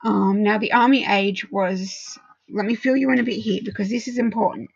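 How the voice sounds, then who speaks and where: A woman teaching a Bible study in a casual way, walking through verses and explaining them with frequent pauses and ums. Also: medium pitch, fairly even intonation, vocal fry, breathy edge, dry recording, dull audio.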